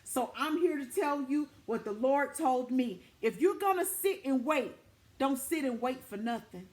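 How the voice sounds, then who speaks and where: A woman's voice: sits high, expressive, unhurried, a little mellow. A woman delivering a prophetic word to her viewers, exhorting them emphatically and repeating her points in an informal, direct way. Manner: informal, direct address to listeners. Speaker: prophetic minister.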